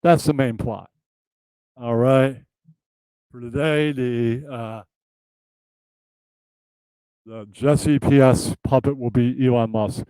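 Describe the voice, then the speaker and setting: A man's voice: medium pitch, steady tone, slow, pauses often, warm tone, clean tone, no echo, rough recording. A man hosting a casual comedic puppet show, loosely rambling through the plot.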